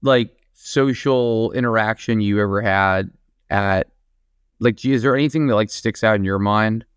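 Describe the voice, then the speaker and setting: A man's voice: lowish voice, normal speed, clear, resonant tone, no room sound, studio quality. A young man co-hosting a podcast, teasing his friend in a playful, casual way with lots of restarts. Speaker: podcast co-host.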